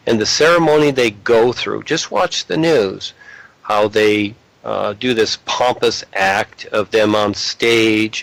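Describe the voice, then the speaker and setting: Low, gravelly man, blunt spiritual lecturer. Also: fairly bright tone, low-quality recording. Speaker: spiritual speaker. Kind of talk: casual spiritual talk.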